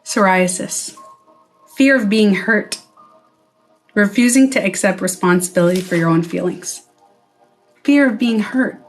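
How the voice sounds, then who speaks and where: This former spa owner, a middle-aged woman, vlogs casually to camera at a measured pace, often pausing, in a mid-range voice over faint music. Her manner is blunt and profane, and she acts out quoted voices.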